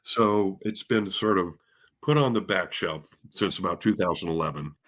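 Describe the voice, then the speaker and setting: With a low voice, moderate pace, and fairly bright tone, a Spokane, Washington man, guest and head of bands at a music school, recounts his story in a casual interview. It comes out rambling and self-deprecating, full of fillers and restarts.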